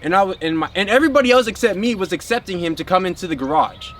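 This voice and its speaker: Casual, rambling man with a higher voice. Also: animated, very fast, fairly bright tone, slight background noise. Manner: rambling, heavy on filler words; addresses viewers as a group. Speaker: spiritual vlogger. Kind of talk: casual spiritual monologue.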